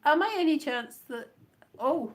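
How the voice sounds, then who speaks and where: A woman's voice: high-pitched, lively intonation, measured pace. A woman comic poet rambling through a self-mocking monologue full of wandering asides.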